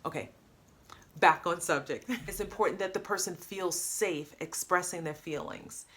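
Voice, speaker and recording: Animated woman coach talking to camera. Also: on the low side, measured pace. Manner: upbeat, animated, acts out example lines.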